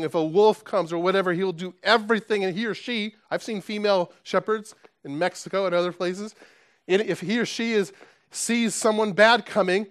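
A man delivers a sermon with earnest emphasis. His voice sits a little high for a man. He restarts phrases often and keeps asking his listeners rhetorical questions. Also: no echo, studio quality. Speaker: pastor.

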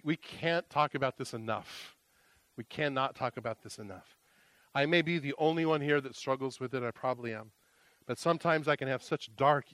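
Male pastor, sermon delivery, emotional and earnest, swings from loud exclaiming to quiet confession, slightly high voice, dry close sound. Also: no echo.

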